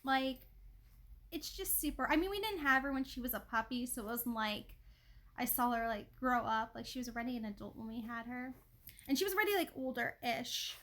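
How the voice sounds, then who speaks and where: A woman's voice: on the high side, a little fast, a bit bright. A woman chatting on a livestream from her home, rambling with lots of likes and ums and greeting viewers by name. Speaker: livestream host. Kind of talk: casual livestream chat.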